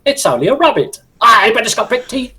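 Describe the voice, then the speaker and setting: A man's voice: extremely high pitch, big pitch swings, a little fast, bright, forceful tone, husky, pitched above the performer's own voice, full character voice. A man impersonating an old Scottish magician from a film, with a Scottish accent, giving dramatic, urgent warnings. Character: ranting old Scottish male magician warning of a killer rabbit.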